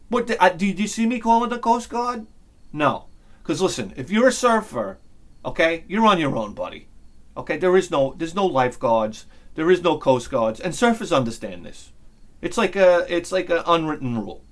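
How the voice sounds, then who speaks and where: A middle-aged man, telling a crude, animated story on his vlog, swinging between loud bursts and muttered asides. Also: high-pitched, fairly quick. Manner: crude humor. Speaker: vlogger. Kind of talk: casual storytelling.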